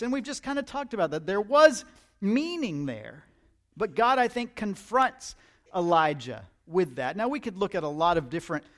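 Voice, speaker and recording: A man preaching a sermon in a conversational, emphatic way, often repeating words as he starts a thought. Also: on the high side. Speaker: pastor.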